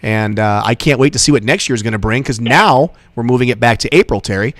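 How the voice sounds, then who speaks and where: Man, radio host, quick talker, dry close mic, chatty storyteller. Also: medium pitch, a bit bright, dry recording. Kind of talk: casual radio interview.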